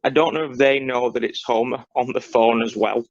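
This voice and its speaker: A man's voice: mid-range voice, steady tone, brisk, no room sound, dull audio. A man co-hosting a podcast, explaining in a dry, matter-of-fact casual chat. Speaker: podcast co-host.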